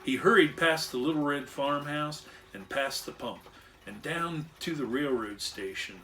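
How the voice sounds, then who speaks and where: A man's voice: fairly high pitch, a little slow, pushed and bright, distant mic. A man reading a children's story aloud with expression, acting out animal and machine sounds along the way. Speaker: storyteller and clockmaker.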